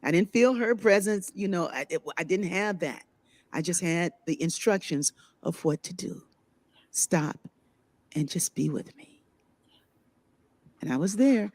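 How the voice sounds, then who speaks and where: Speaking at a moderate pace in a lowish voice, a woman hosting a spiritual conversation tells a personal story. Her storytelling is animated, full of laughs and affirming murmurs.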